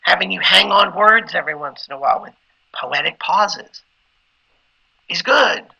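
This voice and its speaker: A man's voice: sits high, a little slow, gravelly, sharp tone, breathy edge, poor audio. A middle-aged man giving an informal lecture on preaching skills, conversational and at times emphatic like a preacher. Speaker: instructor teaching preaching skills.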